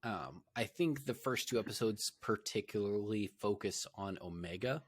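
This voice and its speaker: Deep-voiced man chatting casually. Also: moderate pace. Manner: relaxed, rambling with many fillers. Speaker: podcast co-host. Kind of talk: casual chat.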